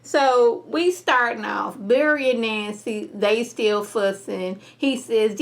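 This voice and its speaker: A woman giving a casual vlog review of a TV episode, retelling scenes in an animated, emphatic way. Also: slow pace, few pauses. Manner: animated, emphatic storytelling with rising pitch on key points.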